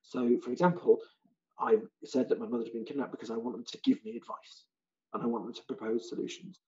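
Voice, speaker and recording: A British man, a language teacher trainer, giving an animated online seminar talk and acting out other people's lines. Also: mid-range voice, fairly quick, highs cut off. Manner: animated, acts out students' and callers' lines.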